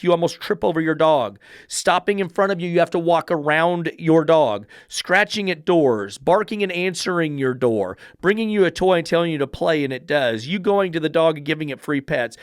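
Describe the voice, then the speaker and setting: A man gives a lecture on dog training in a blunt, profane, emphatic way, firing rhetorical questions at the listener. His voice sits somewhat high for a man. The recording is dry and close. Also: no echo. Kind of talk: instructional monologue.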